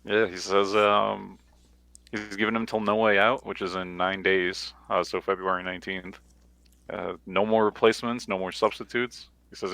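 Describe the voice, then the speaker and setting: A man co-hosting a podcast, recapping an old wrestling episode in relaxed chat with many filler words and dry quips. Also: on the low side, normal speed, vocal fry, no room sound. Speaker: podcast co-host.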